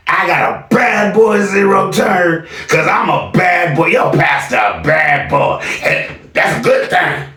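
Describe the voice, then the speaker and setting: A man's voice: high-pitched, unhurried, few pauses, sharp tone, pitched above the performer's own voice, exaggerated voice. A man imitating a boastful male preacher who shows off to his congregation. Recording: echoey room, distant mic.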